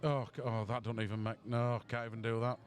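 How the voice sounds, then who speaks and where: A man's voice: mid-range voice, little pitch movement, fast. A man, tipsy, giving rambling, self-mocking commentary on a pool match stream.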